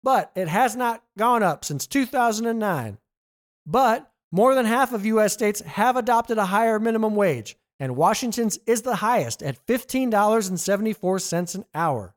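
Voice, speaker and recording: A man's voice: high-pitched, animated, normal speed. A man hosting a trivia podcast, reading answer choices and adding playful jokey asides. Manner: playful, jokey asides, reads options twice. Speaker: trivia host.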